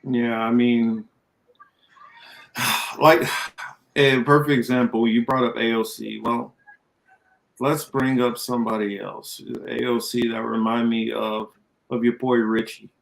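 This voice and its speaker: A man co-hosts a political podcast, chatting in a loose, rambling way and reading viewer comments aloud. His mid-range voice is gravelly and flat, unhurried, with frequent pauses.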